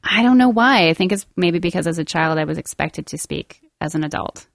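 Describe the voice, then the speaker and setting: A woman's voice: fairly low pitch, animated, a little fast, creaky, dry recording, studio quality. A woman co-hosting a podcast, chatting playfully, asking questions and joking. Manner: playful, jokey, asks questions. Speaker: podcast co-host. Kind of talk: casual chat.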